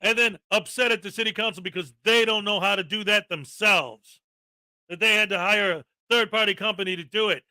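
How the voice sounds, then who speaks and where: A man hosting a commentary show, ranting sarcastically and often shouting in exasperation. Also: high-pitched, fairly quick, no room sound, studio quality. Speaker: commentary channel host.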